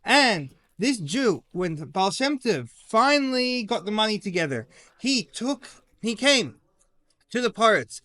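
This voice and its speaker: Man, Torah teacher, storytelling lesson, high voice, dry close sound. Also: unhurried, no room sound. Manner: animated storyteller, retells dialogue.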